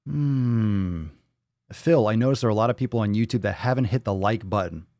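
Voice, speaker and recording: A man's voice: fairly low pitch, brisk, a little mellow, dry recording. A man hosting a livestream podcast, talking bluntly and profanely in a fired-up, casual way.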